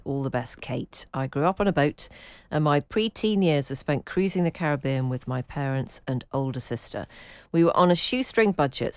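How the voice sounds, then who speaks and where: Low-voiced woman co-host, brisk banter. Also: no room sound. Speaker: radio show co-host. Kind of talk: casual chat, reading listener emails. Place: radio studio.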